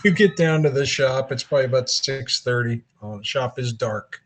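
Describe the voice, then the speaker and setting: A man's voice: mid-range voice, moderate pace. A man running a tabletop game as game master, describing scenes with frequent hesitations.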